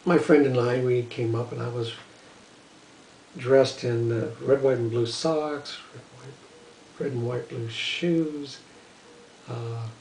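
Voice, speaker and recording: An older man telling a long casual story about his life as a musician, rambling and filling pauses with "you know" and "uh". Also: medium pitch, darkish tone, a little hiss or hum. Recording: roomy echo, voice from a distance.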